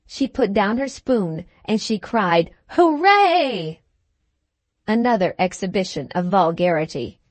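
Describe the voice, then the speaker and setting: A woman's voice: mid-range voice, no echo. Woman narrating, dry and close. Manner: measured, expressive reading. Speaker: audiobook narrator. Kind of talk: scripted narration.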